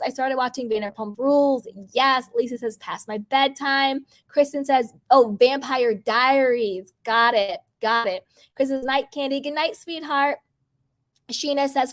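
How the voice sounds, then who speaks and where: Gossipy woman reading her chat on a livestream, high voice, says like a lot. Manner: bubbly, gossipy, uses "like" a lot.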